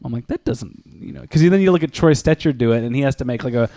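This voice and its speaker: A man's voice: mid-range voice, very fast, warm tone, no echo, studio quality. A man co-hosting a casual hockey podcast, rambling and joking with lots of fillers. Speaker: podcast co-host. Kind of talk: casual sports chat.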